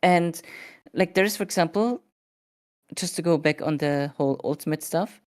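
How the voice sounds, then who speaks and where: A woman's voice: deep voice, normal speed, a little mellow. A sleepy woman chatting casually on a stream, rambling and hesitating with many fillers. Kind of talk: casual chat.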